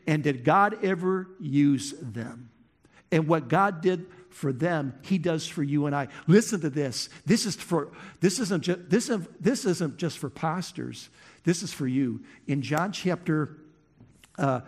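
A man preaching a sermon as pastor, emphatic, with many restarts and swings from quiet to loud. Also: a little high.

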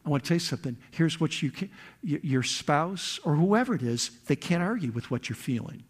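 A middle-aged man preaching a sermon to a congregation, shifting from slow, quiet confiding to loud, high-pitched outbursts. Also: animated, husky. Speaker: pastor. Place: church hall before a congregation.

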